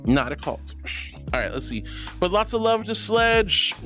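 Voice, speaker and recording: A man's voice: high voice, sing-song, measured pace, bright, forceful tone, faint music behind. A man streaming live, reading viewer messages aloud and calling them sweetie and honey.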